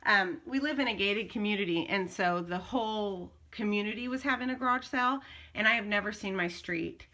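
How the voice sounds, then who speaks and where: A woman's voice: medium pitch, fairly quick, pushed and bright. A woman vlogging at home, chatting casually and rambling as she shows off her finds. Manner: chatty, rambling, self-interrupting. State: slightly out of breath. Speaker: craft vlogger. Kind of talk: casual show-and-tell.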